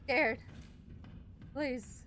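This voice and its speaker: A woman's voice: high-pitched, very slow, a bit bright, slight background noise. A woman gaming streamer giving jumpy, easily scared let's play commentary with constant exclamations.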